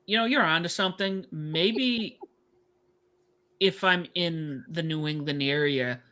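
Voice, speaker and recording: A man co-hosting a live wrestling stream, relaxed and jokey, trailing off with fillers. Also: a little high, measured pace, smooth. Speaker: podcast co-host.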